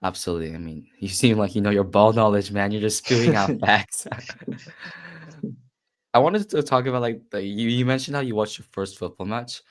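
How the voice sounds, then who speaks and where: A man's voice: fairly low pitch, a little fast, few pauses. A teenage man hosting a casual podcast interview, chatty and full of fillers, talking with a voice he says he has lost. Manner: chatty, filler-heavy, upbeat welcomes. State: lost his voice. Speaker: podcast host.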